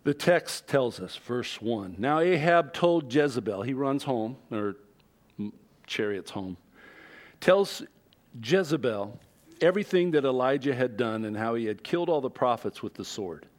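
Expressive male preacher, mid-pitched voice. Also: a little slow. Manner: expressive, with big jumps in pitch and loudness for emphasis; reads scripture aloud and explains it conversationally. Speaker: pastor. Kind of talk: sermon.

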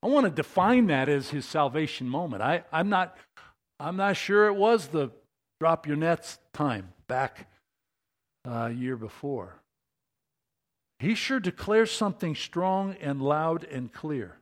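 Lively, animated male preacher. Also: on the high side, slow pace. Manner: animated, conversational, asks the congregation questions. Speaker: pastor. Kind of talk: sermon.

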